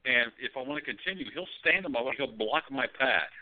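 A man co-hosting a podcast, telling stories in a loose, profane, animated way. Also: medium pitch, a little fast. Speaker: podcast co-host. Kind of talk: casual chat. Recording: tinny phone-like audio.

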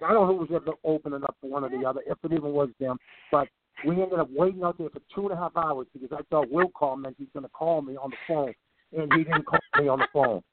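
A middle-aged man telling long rambling stories in a casual, animated way. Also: on the high side, no room sound. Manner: rambling, animated, repeats himself. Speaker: guest. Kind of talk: casual storytelling. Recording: tinny dry call line.

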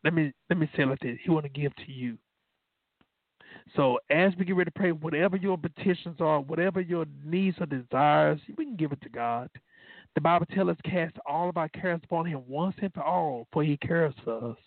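A man preaching and praying, with a high, gravelly voice. The sound is dry and tinny, as if it came over a phone line. He keeps calling out to God as a refrain. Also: fairly quick, no room sound. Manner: folksy storytelling with fillers. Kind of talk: sermon and prayer.

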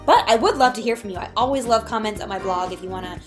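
A woman's voice: mid-range voice, quick pace, music in the background. Encouraging woman podcast host, unscripted. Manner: warm, encouraging, repeats herself while searching for words. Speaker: podcast host and food coach. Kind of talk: solo podcast talk.

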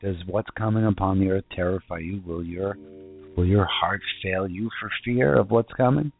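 A man preaching an informal sermon in earnest, asking rhetorical questions and repeating himself, and reading scripture slowly. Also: deep voice, gravelly. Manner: slow deliberate scripture reading. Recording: tinny phone-like sound with faint music.

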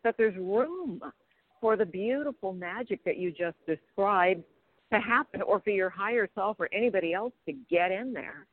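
A woman's voice: mid-range voice, moderate pace, no echo. A woman hosting an interview, encouraging and explaining ideas to her listeners. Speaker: host. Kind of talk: interview over the phone. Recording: dry tinny phone line.

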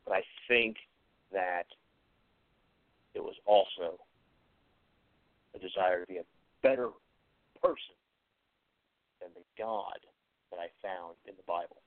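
His voice sits low as the host of an atheist commentary show talks slowly, pausing often through an earnest, reflective solo monologue with repeated short phrases and hesitations. It's a dry recording with a tinny, phone-like tone.

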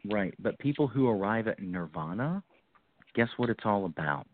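A man's voice: on the low side, animated, normal speed. A man hosting a call-in psychic reading show, giving reassuring, coaching advice to callers. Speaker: psychic radio host. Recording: tinny phone-like line, dry.

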